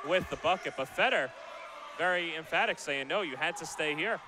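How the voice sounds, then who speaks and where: A man calling college basketball play-by-play, brisk and rising to shouts on big plays. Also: a little high, background noise. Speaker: play-by-play announcer.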